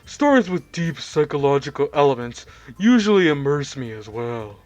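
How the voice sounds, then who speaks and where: A man voicing a shy, bookish young woman while reading a visual novel aloud, keeping his delivery low and hushed. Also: big pitch swings, moderate pace, no room sound, faint music behind. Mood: earnest.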